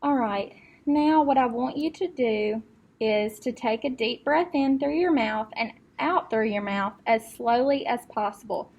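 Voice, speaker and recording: A woman acting as speech clinician, giving calm step-by-step test instructions with occasional fillers. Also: on the high side, measured pace.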